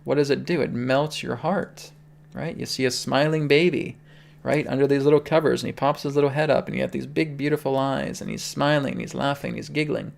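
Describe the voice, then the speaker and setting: A man's voice: mid-range voice, steady tone, a little fast, creaky. A man hosting a spiritual livestream, teaching in an earnest, pleading way and checking in often with his listeners.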